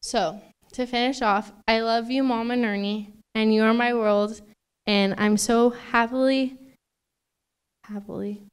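A woman's voice: fairly high pitch, steady tone, measured pace, smooth. A young woman giving a maid of honor toast at a wedding reception, chatty and emotional, laughing often between fillers.

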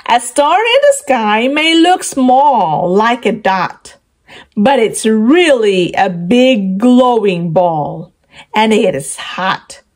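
Slow, sing-song woman reading to kids. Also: on the high side, animated. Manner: prompts young listeners to repeat words and praises them. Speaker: children's storyteller. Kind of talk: children's picture book read-aloud.

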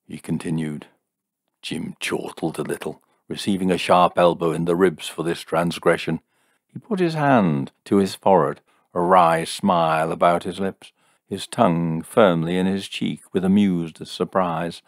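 A man narrating a short story in a measured, deliberate manner. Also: low-pitched, dry recording, studio quality. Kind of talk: audiobook narration.

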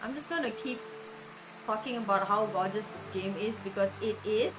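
A woman commentating her video game play, chatty and excitable, talking to the characters and swearing casually. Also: mid-range voice, moderate pace, noisy background. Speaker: gamer playing a video game. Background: soft game music.

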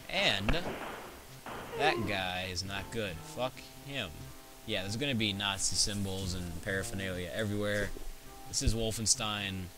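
A teenage boy hosting his own gaming video, joking and rambling through stories as he plays. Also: lowish voice. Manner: goofy, joking, rambling storyteller. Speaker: gaming channel host. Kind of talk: gameplay commentary. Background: game music.

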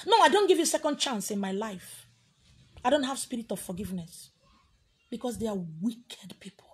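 A Nigerian-accented woman speaking in a defiant, emphatic vlog monologue. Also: high-pitched.

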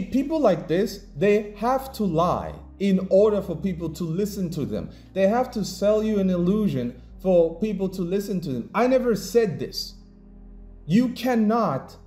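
A man with a slightly high, mellow voice tears into his critics in an angry commentary rant. He is combative and mocking, with faint music playing underneath. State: pissed off. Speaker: independent comic creator and commentator.

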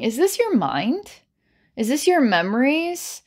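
A woman in the middle of a psychic reading, her voice at an ordinary middle pitch. She talks in looping, repetitive phrases with frequent restarts and bursts of laughter. She shifts between dramatic challenges and gentle coaxing. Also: expressive, a little slow. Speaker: psychic reader. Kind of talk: channelled psychic reading to camera.

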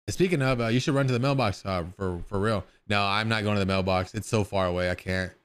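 A man's voice: fairly low pitch, fast talker, clean tone. A man streaming live, chatting casually with his viewers in a rambling way and swearing now and then.

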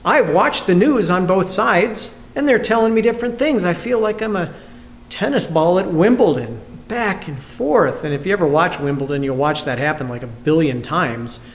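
A man's voice: high voice, lively intonation, moderate pace, slight background noise. A pastor from the United States giving a candid, reflective video sermon and asking his listeners questions. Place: church.

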